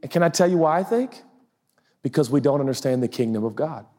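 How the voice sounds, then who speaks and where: A male pastor giving a sermon, animated and joking, with rhetorical questions. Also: mid-range voice, fairly quick.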